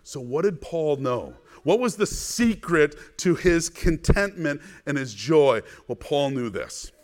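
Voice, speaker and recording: A man's voice: a little high, animated, slow pace. A man preaching a sermon as pastor, earnest and emphatic, asking his congregation rhetorical questions.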